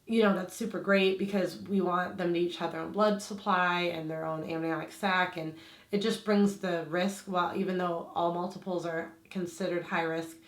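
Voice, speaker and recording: In a reverberant space, a vlogger with a fairly low voice and fairly even intonation tells a personal story at a moderate pace. Her aligner trays give her a slight lisp, and her chatty delivery is full of "like" fillers.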